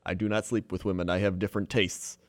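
A man voicing a cold, stiff rich young man, speaking in a flat, clipped, robot-like way. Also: low-pitched, quick pace, no room sound, clean studio sound, pitched below the performer's own voice, close to an everyday voice.

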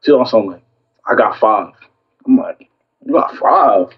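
A young man casually telling a story about a fight with a girlfriend, acting out both sides with lively quoted lines. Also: fairly low pitch, a little slow, slightly rough, dull audio. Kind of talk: casual chat.

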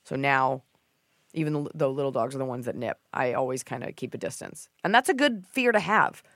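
A woman's voice: extremely low pitch, expressive, fairly bright tone, no room sound. Joking woman podcast host, dry close sound. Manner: quick, joking, slips into mock voices. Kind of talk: comedic casual chat.

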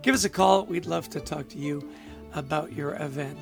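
A man co-hosting a podcast in casual chat, upbeat and quick to laugh. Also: fairly high pitch, creaky, music in the background. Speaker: podcast co-host.

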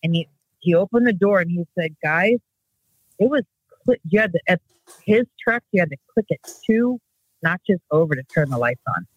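A woman's voice: lowish voice, expressive, normal speed, husky, no echo, highs cut off. Give me a woman telling a long family story casually, correcting herself, with a dry close sound. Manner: rambling, self-correcting, acts out quotes.

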